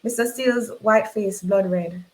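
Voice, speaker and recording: A woman with a Jamaican accent reading a novel aloud in first person, expressive and dramatic. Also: medium pitch, a little slow, poor audio. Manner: expressive, voices the characters in dialogue. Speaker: reader.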